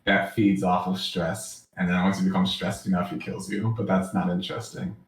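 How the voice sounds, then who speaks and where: Low-voiced man in an echoey room. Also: level tone, moderate pace. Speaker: podcast co-host. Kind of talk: casual chat. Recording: roomy echo.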